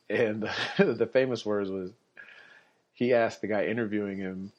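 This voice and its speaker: A man's voice: fairly low pitch, fairly even intonation, unhurried. A man hosting a podcast, telling a casual, rambling story and correcting himself as he goes. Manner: rambling, self-correcting, quotes others in his own voice. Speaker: podcast host. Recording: dull lo-fi recording.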